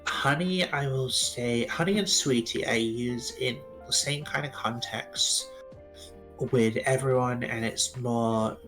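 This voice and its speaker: A man's voice: mid-range voice, slow pace, fairly bright tone, soft background music. A man with a British accent, chatting casually and rambling a little on a gaming stream over voice chat. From Britain. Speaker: stream co-host. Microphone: home mic over voice chat.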